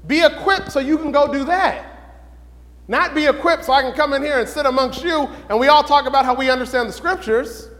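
Man, Bible class teacher, sermon style, excited questioning, very high voice, reverberant hall. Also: brisk. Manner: asks the room questions, builds to excited shouts.

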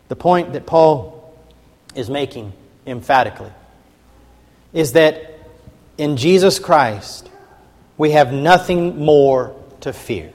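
A man's voice: high-pitched, long reverb tail. A man preaching a sermon, reading scripture aloud with emphatic rising and falling delivery.

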